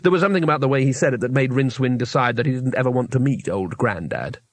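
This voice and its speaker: A man narrating a fantasy story in a measured storytelling way. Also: mid-range voice, dry recording. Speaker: audiobook reader. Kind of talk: scripted narration.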